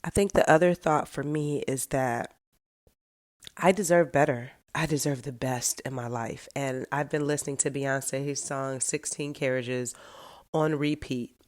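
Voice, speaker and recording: A woman's voice: a bass voice, fairly even intonation, measured pace. A middle-aged woman hosting her own podcast, talking through her thoughts in a candid, heartfelt solo monologue that turns emotional at times. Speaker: podcast host.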